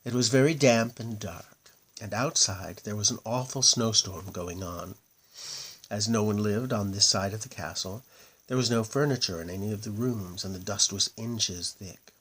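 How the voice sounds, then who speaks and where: A man reading a children's fairy tale aloud in a lively, expressive way. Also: on the low side, moderate pace, slightly rough. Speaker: storyteller.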